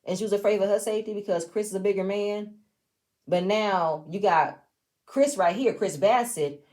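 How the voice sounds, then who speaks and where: A woman's voice: mid-range voice, normal speed, a little mellow. A woman giving casual review commentary on a reality show, blunt, opinionated and often profane. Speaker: reality TV recapper.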